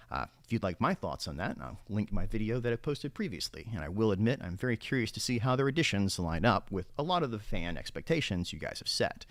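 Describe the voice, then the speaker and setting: Lively-pitched man hosting a gaming news show. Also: brisk, dry recording, clean studio sound. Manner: casual, chatty, reacts as he reads. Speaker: gaming news channel host. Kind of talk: live reading of game news with reactions.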